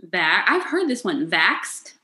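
A young American woman co-hosting a casual chat, playful and joking, swearing freely, with sudden high-pitched outbursts. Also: big pitch swings, takes it slowly, bright, forceful tone, poor audio. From United States. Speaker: podcast co-host.

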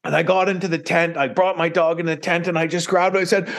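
A man's voice: on the high side, fast talker, hardly any pauses. A man, a podcast guest, tells a story casually in a rambling way and often restarts his sentences. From Canada. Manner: rambling, many fillers and restarts, animated retelling.

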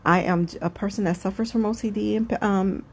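A woman hosts her own podcast alone at home late at night, in a room with the windows open, talking in a rambling, chatty, self-aware way. Her medium-pitched voice is a little mellow and slightly rough, with fairly even intonation and a brisk pace.

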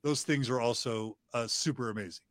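A man's voice: medium pitch, brisk, no echo, clean studio sound. A middle-aged man, a podcast guest, talking with passion and piling up emphatic lists of praise. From United States. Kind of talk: enthusiastic interview talk.

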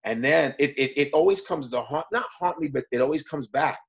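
Husky man telling stories, cursing freely. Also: a little fast, muffled recording. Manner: profane, animated retelling with bursts of high pitch. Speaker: guest comedian. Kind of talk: casual storytelling.

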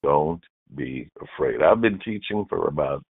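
A man preaching a sermon as bishop, emphatic, repeating key phrases and swinging from hushed to loud. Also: very deep voice, animated, a little slow, few pauses, breathy edge, no echo. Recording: dry, phone-like narrow sound.

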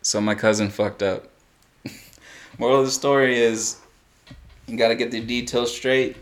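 A man's voice: mid-range voice, unhurried. A young man on a casual podcast, telling a story with plenty of swearing, acting out the quotes and laughing as he goes. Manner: animated storyteller, swears freely, acts out quotes, laughs often. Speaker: podcast co-host.

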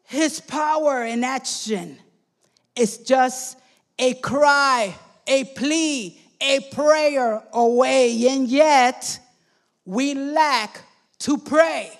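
A woman with a high voice preaches a sermon at an unhurried, deliberate pace. She presses her points with fervor, calls out to her congregation again and again, and now and then breaks into a shout. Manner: fervent, calls out "come on" and "amen" to the congregation, sometimes shouting.

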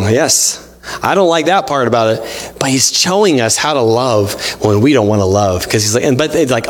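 A man's voice: medium pitch, lively intonation, normal speed. A man preaching an informal sermon, acting out conversations with God with lots of casual fillers. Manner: informal, acts out dialogue with God in his own voice; frequent fillers like "like" and "you know". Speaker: pastor.

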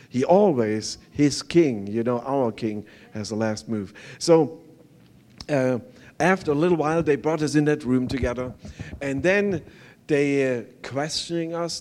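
Older german-accented pastor telling his story, earnest, halting english, lots of uhs. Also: medium pitch, a little mellow. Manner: earnest, halting non-native English with many fillers. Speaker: visiting pastor. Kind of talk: testimony sermon.

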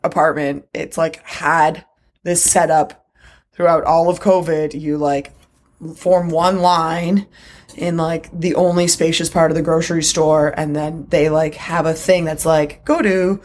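A woman's voice: low voice, a little slow. A woman in casual conversation, telling a story bluntly with lots of swearing. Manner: blunt, profane, animated storytelling. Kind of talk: casual chat.

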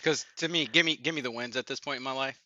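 A man with a bright, edgy voice lays out long, earnest questions about basketball. The sound is dry and muffled, like a lo-fi remote recording. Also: mid-range voice, quick pace, no echo. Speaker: podcast co-host. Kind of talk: casual sports chat.

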